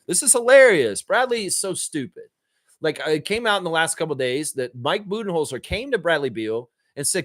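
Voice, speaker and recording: A man's voice: moderate pace, dry recording, clean studio sound. A man hosting a sports show, ranting and swearing in a heated commentary and mocking people with put-on voices. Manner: animated and swearing, jumping up high for emphasis.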